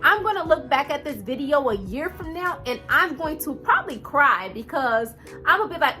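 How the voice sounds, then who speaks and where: Bright, high-voiced woman in her thirties. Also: expressive, normal speed, faint music behind. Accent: twang. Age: 30s. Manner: earnest, direct, conversational with fillers. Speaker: vlogger. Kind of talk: motivational talk to camera.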